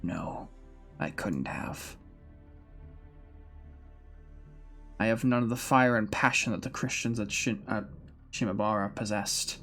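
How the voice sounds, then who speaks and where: A man voicing a weary old male swordsman who awaits death, speaking in a slow, brooding, resigned way over faint music. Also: mid-range voice. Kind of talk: fan voice reading of a game story.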